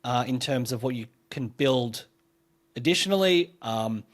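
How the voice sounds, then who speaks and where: A man's voice: medium pitch, expressive, measured pace. A man, co-hosting a podcast and talking through a game in a rambling, enthusiastic way. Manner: rambling, filler-heavy, enthusiastic explaining. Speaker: podcast co-host. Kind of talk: casual podcast chat reviewing a game.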